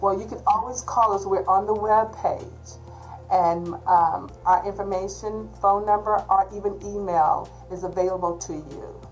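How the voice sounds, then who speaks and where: A woman's voice: medium pitch, fairly even intonation, unhurried, faint music behind, rough recording. A woman with a Texas accent, a college disability services manager, giving an emphatic orientation talk on a video call and repeating her key points. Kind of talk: virtual orientation presentation.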